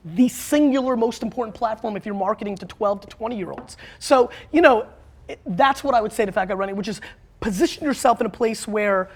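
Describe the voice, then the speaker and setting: A man with a gravelly, husky voice speaks in an animated studio interview. He is blunt and emphatic, and keeps restarting his sentences in his excitement. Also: high-pitched, brisk. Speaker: author and marketer, guest.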